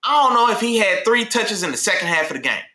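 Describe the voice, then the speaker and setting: A man hosting a casual sports talk show, speaking in a slangy, animated way and repeating himself when worked up. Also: sits high, quick pace, reverberant. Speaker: sports podcast host.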